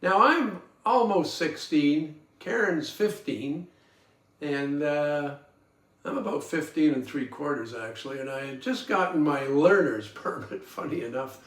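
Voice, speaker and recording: Recorded roomily on a far-off mic with faint guitar in the background, this podcast host, a man in his 70s from Toronto, spins rambling, folksy tales of his own life, chuckling and dropping plenty of ums and uhs. His voice leans high, animated yet unhurried.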